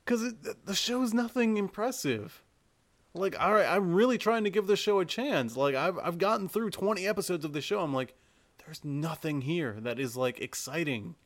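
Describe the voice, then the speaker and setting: A man's voice: high-pitched, animated, a little fast, a bit bright, no echo. A man in casual talk about anime, blunt and rambling, often critical. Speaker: podcast co-host.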